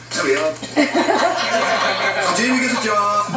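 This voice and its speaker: A man's voice: high-pitched, sing-song, slow, bright, forceful tone, slight background noise. A man telling rambling, crude jokes at a reunion gathering, recorded in an echoey room from a distance. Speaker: joke teller. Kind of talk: casual joke telling.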